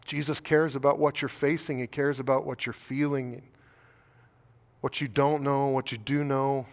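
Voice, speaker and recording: A man's voice: medium pitch, level tone, normal speed, long reverb tail. A man with an American accent preaching a sermon as pastor, earnest and pleading, piling up rhetorical questions and repeating his words. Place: church sanctuary.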